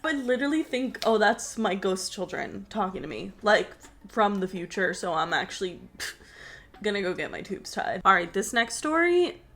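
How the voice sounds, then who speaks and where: A woman's voice: medium pitch, very animated, normal speed, fairly bright tone. Joking woman host reacting to scary clips. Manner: blunt, joking, swears casually. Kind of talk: casual commentary.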